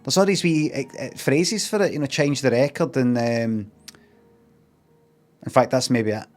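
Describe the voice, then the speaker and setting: A middle-aged Scottish man with a Glaswegian accent, chatting casually on a livestream, rambling and deadpan, acting out bits of mock dialogue. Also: medium pitch, moderate pace, faint music behind. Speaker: streamer. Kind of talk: casual livestream chat with chat readers.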